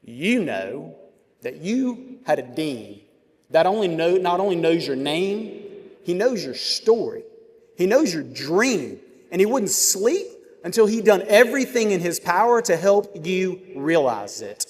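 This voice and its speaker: A man, giving a commencement address with measured oratory, dramatic pauses and vivid storytelling. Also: high-pitched, very animated, slightly rough. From Georgia, US. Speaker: commencement speaker. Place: large ceremony venue. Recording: long reverb of a large venue.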